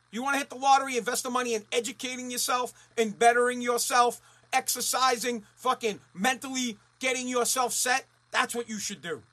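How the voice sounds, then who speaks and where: A man's voice: very high-pitched, pushed and bright. A man ranting as a talk radio host, blunt, profane and fired up.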